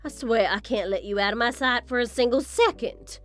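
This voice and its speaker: A woman's voice: a little high, normal speed, close to an everyday voice. A woman voicing a vain, scornful mother-in-law in a scripted text-story drama, talking down to her daughter-in-law. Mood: scolding. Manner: condescending, self-admiring.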